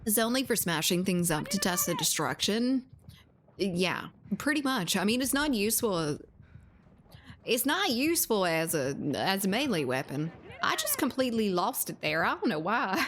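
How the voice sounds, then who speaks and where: A woman's voice: mid-range voice, very animated, moderate pace, fairly bright tone, slight background noise. Chatty, profane woman game streamer. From Latin America. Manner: chatty, profane, laughing often. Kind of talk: casual gaming stream chat.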